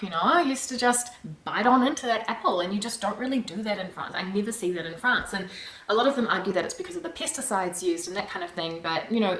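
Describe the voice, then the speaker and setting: A woman from New Zealand with a New Zealand accent, chatting casually to camera in a vlog, animated and laughing often. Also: medium pitch, echoey room. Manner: chatty and animated, laughs often, acts out her own reactions. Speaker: vlogger.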